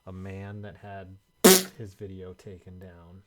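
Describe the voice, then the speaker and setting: A man's voice: low voice, flat delivery, unhurried, dark tone. A man hosting a casual sports talk live stream, wry and loose, often trailing off into mumbles.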